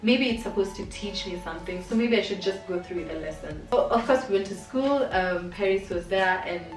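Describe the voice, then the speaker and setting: Talking fairly quickly in a medium pitch, a young adult woman vlogs a personal story to camera, chatty and candid with many fillers. She's recorded from a distance, giving a roomy off-mic sound, with faint music.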